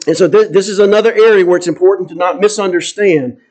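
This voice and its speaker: Man, pastor, high voice, sermon, earnest, emphatic, repeats phrases. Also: quick pace, hardly any pauses, a little mellow.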